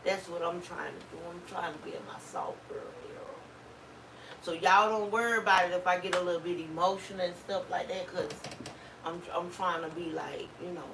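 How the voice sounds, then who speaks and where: A woman's voice: on the low side, steady tone, fairly quick, vocal fry, background noise. Laughing woman telling stories at a distance. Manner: playful storytelling, laughs often. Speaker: vlog co-host. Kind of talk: casual chat. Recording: echoey room, mic at a distance.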